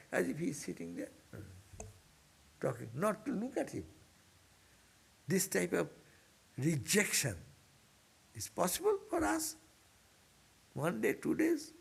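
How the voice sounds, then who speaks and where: A higher-pitched man with a gravelly, husky voice teaching a spiritual class. He speaks earnestly and repeats his main points, his pitch leaping up in sudden bursts as he urges his listeners on. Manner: earnest, repetitive, exhorting, with sudden upward bursts. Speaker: monk teaching a scripture class. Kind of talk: informal spiritual class lecture.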